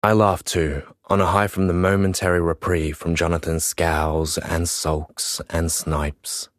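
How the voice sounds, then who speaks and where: Very deep, slow man narrating. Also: little pitch movement, no echo, studio quality. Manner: weary, reflective storytelling. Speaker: audiobook narrator. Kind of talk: first-person audiobook narration.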